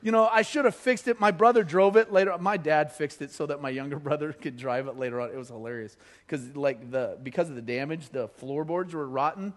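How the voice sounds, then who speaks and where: A middle-aged pastor from Colorado, preaching with jokes and lively storytelling. His voice sits a little higher than most men's. He swings from punchy, energetic anecdotes to quiet, earnest appeals. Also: brisk, hardly any pauses. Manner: humorous storytelling, energetic, drops low and soft for earnest appeals. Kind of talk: sermon.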